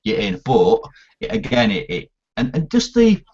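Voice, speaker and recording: Husky man chatting excitedly about films. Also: lowish voice, normal speed, muffled recording. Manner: animated, swears a lot, acts out film scenes. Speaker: podcast co-host. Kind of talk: casual film chat.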